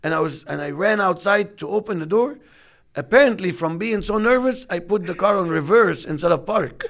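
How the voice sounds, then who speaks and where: A man in his fifties with a gravelly, fairly high voice tells a long business story. He is animated and acts out the voices of the people in it. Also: brisk. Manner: animated storyteller acting out quotes. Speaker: podcast co-host. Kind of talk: casual storytelling.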